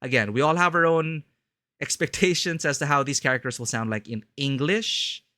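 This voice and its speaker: A man talks casually to his stream chat while playing a game, rambling and breaking off his own sentences. His voice is bright and forward, recorded very dry on a close mic. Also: a little high, moderate pace, no echo. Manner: rambling, self-interrupting.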